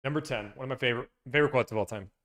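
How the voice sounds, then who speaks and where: A man with a mid-range voice talks very fast while hosting a livestream. In casual chat he reads through a list and playfully tosses in movie-quote impressions, and the recording is loud with a peaking mic.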